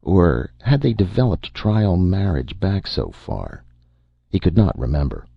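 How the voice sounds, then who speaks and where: Deep, gravelly male storyteller. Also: big pitch swings, measured pace, dry recording, dull audio. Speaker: narrator. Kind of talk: audio drama reading.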